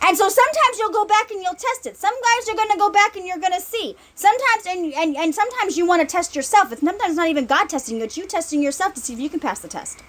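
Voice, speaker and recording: Woman ministry speaker, informal sermon, high animated voice, chatty and repetitive. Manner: conversational, repeats herself, checks in with "right?".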